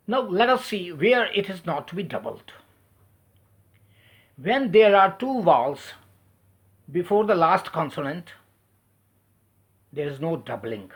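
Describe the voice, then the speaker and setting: Fairly high-voiced man spelling words out. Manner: spells words out letter by letter, slow deliberate delivery. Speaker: English teacher. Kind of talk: spelling lesson switching between English and Hindi.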